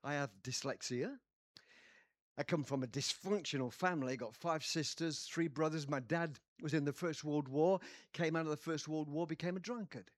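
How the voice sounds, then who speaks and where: An older man from England with an English accent, preaching a sermon with personal stories, shifting between quiet telling and loud bursts. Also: on the high side, moderate pace, no room sound. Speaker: pastor.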